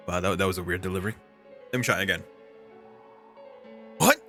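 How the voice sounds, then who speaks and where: A man streaming a game, talking casually in an animated, rambling way with restarts. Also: sits low, a little fast, long pauses, soft background music. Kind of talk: casual gameplay commentary.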